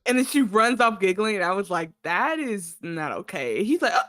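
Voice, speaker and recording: A woman's voice: mid-range voice, very animated, moderate pace, fairly bright tone, no echo, studio quality. Chatty woman recapping a TV show. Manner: chatty, laughs often, gives opinions and acts out lines. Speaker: podcast co-host. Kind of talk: casual TV recap chat.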